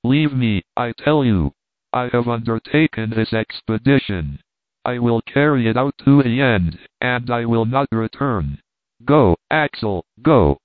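A man's voice: medium pitch, lively intonation, unhurried, dry recording, natural voice. A man voicing a stern, obstinate older professor in an audiobook, speaking in a firm, commanding way. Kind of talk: audiobook reading. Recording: dry, phone-like narrow sound.

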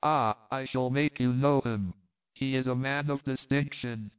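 A man's voice: mid-range voice, steady tone, a little slow, clear, resonant tone, natural voice. A man reading aloud, voicing a flirtatious foreign countess who speaks broken English with a foreign lilt, heard through a tinny phone-like sound. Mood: coaxing.

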